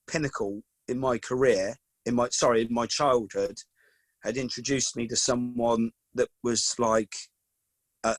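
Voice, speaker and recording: A man in his forties, swapping casual stories as a guest, full of "mate" and "you know what I mean". His voice is mid-pitched and sits close and dry, with hardly any room around it. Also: no room sound. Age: 40s. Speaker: podcast guest, football coach. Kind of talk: casual storytelling chat.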